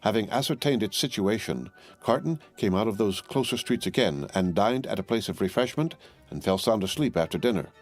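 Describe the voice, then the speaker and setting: A man narrating a classic novel as an audiobook, in measured, even storytelling. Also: fairly low pitch, soft background music. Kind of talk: scripted narration.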